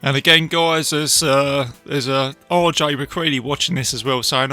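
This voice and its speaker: A man hosting a podcast, casually retelling a film with animated asides to his listeners. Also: mid-range voice, moderate pace, hardly any pauses, faint music behind. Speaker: podcast host reviewing a film. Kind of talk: casual film review talk.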